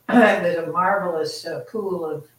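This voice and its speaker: An older woman answering a fan's question graciously at a convention, pausing to search for names. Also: on the low side. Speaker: actress answering a fan question. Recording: roomy, distant mic.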